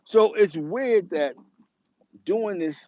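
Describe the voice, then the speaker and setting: A man's voice: high voice, takes it slowly, a little mellow, no echo, muffled recording. A man from the Bronx, hosting his show and giving a rambling, emphatic commentary with many restarts. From the Bronx, New York. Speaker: host. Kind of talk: casual commentary monologue.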